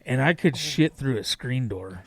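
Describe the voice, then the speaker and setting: A man's voice: medium pitch, expressive, measured pace, a little hiss or hum. A man co-hosting a podcast, trading crude jokes and reading facts aloud with a laugh. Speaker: podcast co-host. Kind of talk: casual comedic chat, reading aloud.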